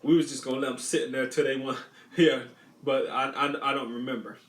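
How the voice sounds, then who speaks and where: Casual storyteller, male, mid-pitched, loops back over his words, echoey room. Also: fairly even intonation, a little fast. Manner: rambling, repeats phrases, many restarts. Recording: roomy echo.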